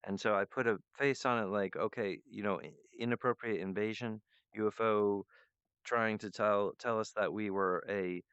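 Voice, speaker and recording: Here a man hosting his own show muses aloud, his loose monologue free-associating from one idea to another. His voice sits on the low side and is a bit bright and clean, with fairly even intonation and a moderate pace. It's a dull, dry, lo-fi recording.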